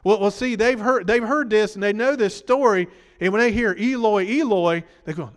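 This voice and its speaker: A man's voice: high voice, normal speed, few pauses, in a large hall. A man preaching a sermon, talking conversationally and quizzing the congregation, his voice worn from preaching.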